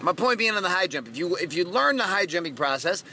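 A man's voice: high voice, sing-song, fast talker, bright, forceful tone, slight background noise. A middle-aged man hosting a motivational podcast, talking in a brash, profane, punchy way with dramatic swings. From Washington state, USA. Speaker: podcast host. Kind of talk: motivational monologue.

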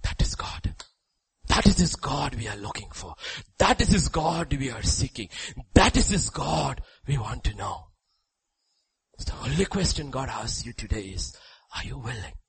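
A husky older man delivers a sermon, his pitch rising and falling with great animation. He repeats short questions and commands for emphasis. He sinks to soft near-whispers, then swells into loud exhortation. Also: very animated, moderate pace, low-quality recording. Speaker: preacher.

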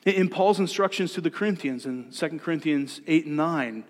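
A man preaching a sermon as pastor, in a relaxed conversational way that often repeats words as he restarts. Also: fairly high pitch, a little fast. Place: church sanctuary. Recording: long church reverb.

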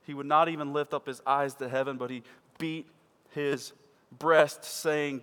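Guy preaching a sermon, kinda high voice, big loud bits then quiet, echoey church hall. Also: fairly even intonation, a little slow, clear, resonant tone. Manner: swings from loud emphatic peaks to quiet low asides. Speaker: pastor. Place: church sanctuary. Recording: church hall with long reverb.

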